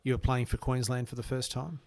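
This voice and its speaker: A man from Australia hosting a podcast, asking long, measured questions of his guest. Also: medium pitch, flat delivery, gravelly, darkish tone. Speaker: podcast host. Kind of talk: podcast interview.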